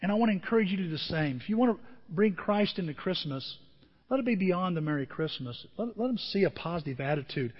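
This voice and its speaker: A pastor, a man with a high, husky voice, preaches in a casual storytelling way and keeps asking the listeners questions. His voice carries a long hall reverb, and the sound is slightly dull. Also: lively intonation, quick pace. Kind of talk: conversational sermon.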